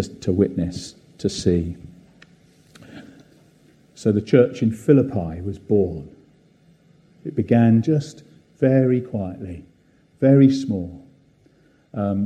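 At a church service, a man with a lowish voice gives a gentle, reflective sermon full of fillers and pauses.

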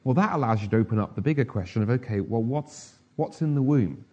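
A man's voice: mid-range voice, lively intonation, quick pace, a little mellow, muffled recording. Middle-aged male preacher giving a chatty sermon in a mid-range voice. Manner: conversational, humorous, with asides.

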